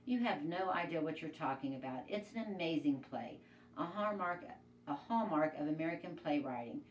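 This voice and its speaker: A woman's voice: low voice, lively intonation, normal speed, recorded from a distance. A woman reading aloud as an enthusiastic mother, a drama teacher who lectures and gets exasperated. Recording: echoey room, away from mic, faint noise.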